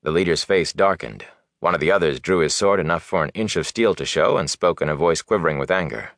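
Deep-voiced male fantasy narrator. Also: brisk, dry recording, studio quality. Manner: expressive, dramatic. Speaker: audiobook narrator.

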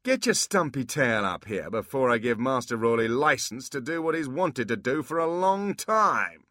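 A man's voice: mid-range voice, big pitch swings, normal speed, pushed and bright, no room sound, clean studio sound, voice pushed up. A man voicing a mocking, bullying male demon leader who taunts a small imp. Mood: taunting. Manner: taunting, jeering.

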